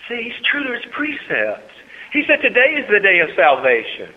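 A man preaching a sermon to a congregation, swinging between soft asides and loud, high-pitched exhortation and calling for amens. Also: huge pitch swings, moderate pace. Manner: talks with the congregation, calls for amens. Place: church hall. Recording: tinny phone-like recording in a reverberant hall.

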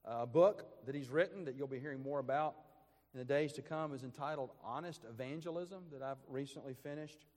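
In a church sanctuary at a morning service, a male pastor with a mid-range, darkish voice preaches a little fast. His sermon is earnest and emphatic, full of repetitions, and the hall adds a long reverb.

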